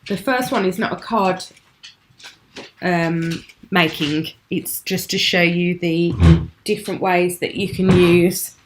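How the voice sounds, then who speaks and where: A woman's voice: lowish voice, steady tone, slow, slight background noise. Chatty British woman hosting a craft livestream. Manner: chatty, admiring, laughs often. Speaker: craft channel host. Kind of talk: live-stream craft show chat. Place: at home.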